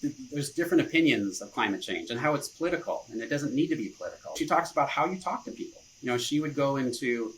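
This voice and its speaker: A man's voice: medium pitch, animated, fast, hardly any pauses, fairly bright tone, slight background noise, poor audio. A man, a marketing director, chatting casually as a podcast guest in an easygoing way, often chuckling and saying "you know". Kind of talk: casual interview chat.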